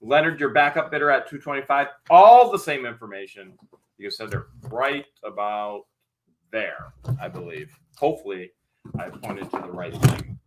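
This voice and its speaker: A man hosting a live-stream auction, calling out bids quickly and then chatting and explaining the items. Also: mid-range voice, expressive, a little hiss or hum, poor audio. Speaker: host.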